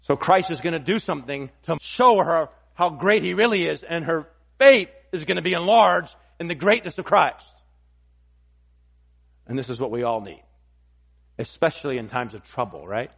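A pastor preaching an expository sermon, emphatic and repeating key phrases for weight. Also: male voice, on the high side, expressive, normal speed, vocal fry, long pauses, husky.

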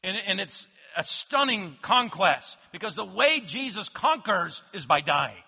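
A man preaching a sermon as pastor, swinging from loud emphatic declarations to hushed low asides. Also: sing-song, unhurried, creaky, hardly any pauses, husky. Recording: long hall reverb.

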